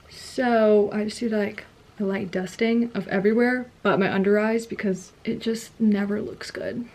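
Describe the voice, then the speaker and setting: In her bedroom, a young beauty vlogger films herself nearby on camera doing a casual get-ready-with-me, rambling and chatty, saying "like" constantly and giggling often. Her voice is medium-pitched and a little mellow, with slight background noise and faint pop music playing.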